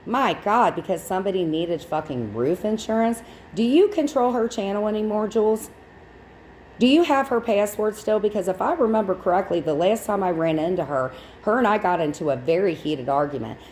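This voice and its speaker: A woman's voice: medium pitch, animated, fairly quick, a little mellow, slight background noise. A woman hosting a livestream, giving blunt, sarcastic, profane reaction commentary on clips. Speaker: stream host.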